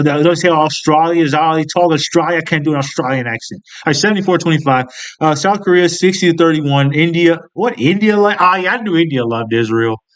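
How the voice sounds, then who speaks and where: Animated, high-voiced American man ranting. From United States. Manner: blunt, profane, incredulous, laughing asides. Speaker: commentator. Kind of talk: casual political commentary.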